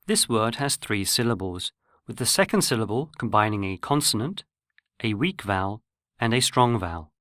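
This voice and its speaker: A man giving scripted, measured narration for a pronunciation lesson. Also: lowish voice, expressive, fairly bright tone, no echo, studio quality. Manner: measured, explanatory. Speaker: language course narrator.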